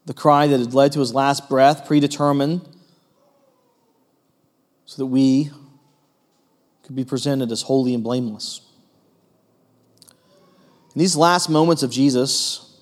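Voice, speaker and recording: With a medium-pitched voice, the pastor delivers his sermon in an earnest manner, alternating emphatic and hushed stretches, and his speech is dotted with fillers.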